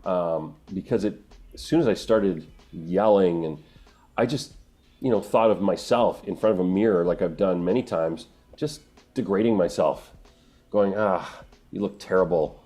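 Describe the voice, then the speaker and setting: A middle-aged man, a voice actor, answering interview questions in an earnest, emotional way, often pausing and restarting. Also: low-pitched, mellow, soft background music. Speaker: voice actor guest.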